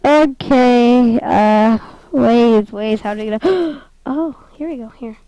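Excitable high-voiced woman playing games. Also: takes it slowly, no echo, poor audio. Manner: excitable, giggly, talks to the game. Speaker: gameplay commentator. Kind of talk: casual gameplay commentary.

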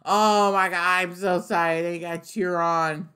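A young man reacting to a trailer in a casual way, excitable and loud, swearing and laughing often. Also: high voice, measured pace, smooth. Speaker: reaction video host.

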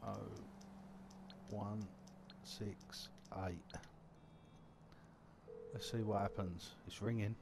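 A man's voice: on the low side, level tone, measured pace, creaky, background noise. A man giving casual, crude, joking commentary over a video game, muttering as he reads things aloud. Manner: mutters while reading numbers aloud. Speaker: gaming commentator.

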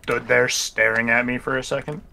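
A man's voice: medium pitch, flat delivery, moderate pace, creaky, noisy background. A young man on voice chat in a shooter game, talking bluntly and laid-back with plenty of swearing. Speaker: gamer on voice chat. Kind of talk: casual gaming chat.

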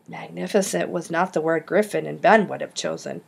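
A woman narrating an audiobook with lively storytelling. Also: lowish voice, normal speed, gravelly, hardly any pauses. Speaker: audiobook reader.

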